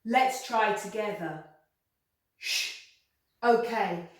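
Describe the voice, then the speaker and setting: A woman teaching children a slow English phonics lesson, sounding out letters clearly and encouraging them to repeat. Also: fairly high pitch, animated. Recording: very echoey room, voice from a distance.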